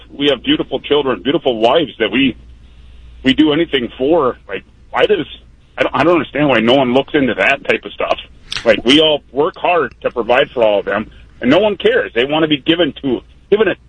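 A man's voice: medium pitch, expressive, fairly quick, slightly rough, no room sound. A man calling a radio talk show, rambling and getting heated as he makes his point. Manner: rambling, heated, lots of "like" fillers. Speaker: caller. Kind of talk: phone-in call. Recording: muffled phone line.

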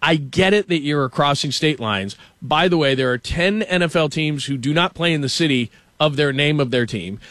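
A man hosting a casual sports talk show, speaking in a slightly raised voice. He rants with animated energy and stammers when worked up. The sound is dry and close. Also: a little high, moderate pace, no room sound. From Los Angeles. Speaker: show host.

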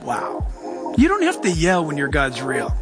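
A man preaching a sermon as pastor, animated, acting out voices and swinging between loud and hushed. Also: on the high side, a little slow, big-room sound, over loud music.

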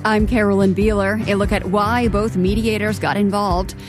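A woman radio host introducing the show's headlines with brisk delivery. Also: medium pitch, flat delivery. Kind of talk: show introduction. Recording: voice over loud music bed.

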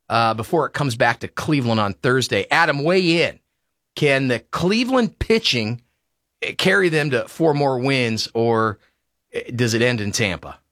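An emphatic man runs a sports talk show, opinionated and quick to get worked up. His voice sits in the middle range. The sound is close and dry. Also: medium pitch, fairly bright tone, dry recording. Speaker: radio sports talk host.

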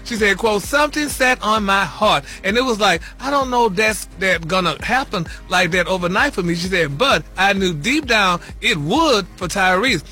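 A man's voice: high voice, lively intonation, normal speed, hardly any pauses, sharp tone, soft background music. A man hosting a radio gossip segment, flamboyant and calling listeners honey and baby. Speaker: radio show gossip host.

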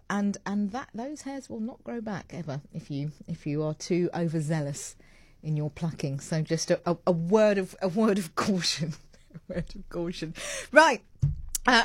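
A middle-aged British woman with a medium-pitched voice hosts a breakfast radio show, conducting a casual chat interview on a studio mic with no echo. She's chatty and self-deprecating, laughing and restarting often.

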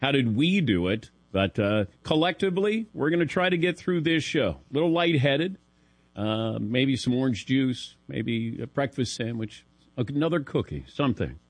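A man's voice: mid-range voice, animated, normal speed, dry recording. Dry-voiced man telling a self-deprecating story. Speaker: sports talk show host. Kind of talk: casual radio talk, storytelling. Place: studio. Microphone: studio broadcast mic.

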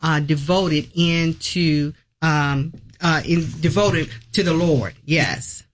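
A woman's voice: sits low, slow. A woman organizing a church conference talks about it on a radio show, sounding enthusiastic and affirming, with plenty of fillers. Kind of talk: casual radio conversation.

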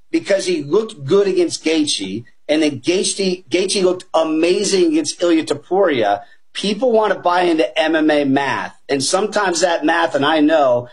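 A middle-aged man giving energetic, emphatic betting picks on a sports talk show, often calling the others "guys.". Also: a little high, husky. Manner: energetic, emphatic, keeps addressing the panel as guys.

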